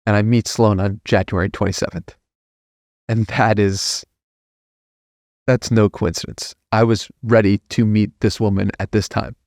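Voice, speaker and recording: A man guesting on a podcast, telling a personal story in an earnest, heartfelt way that grows animated. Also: lowish voice, a little slow, no echo, clean studio sound.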